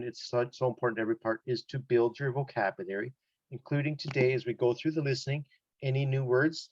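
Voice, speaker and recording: A man coaches a student through an English listening test, loosely and conversationally, dropping in lots of "like" and "you know". His voice sits at an ordinary pitch. The call audio is dry and a bit muffled. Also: a little mellow, dry recording. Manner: casual, explains with examples, many "like" and "you know". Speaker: English test-prep teacher. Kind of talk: one-on-one online lesson.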